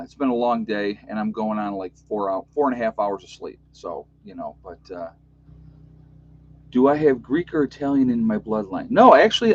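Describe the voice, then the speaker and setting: A man's voice: medium pitch, dry recording, dull audio. An overtired man in his fifties with a New York accent, rambling in a chatty, joking way as he hosts a casual livestream for his channel. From United States. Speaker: YouTube channel host.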